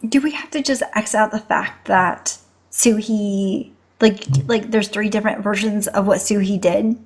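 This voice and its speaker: A woman co-hosting a drama review video, talking in a casual, animated and exasperated way. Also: mid-range voice, measured pace, husky. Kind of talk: casual chat.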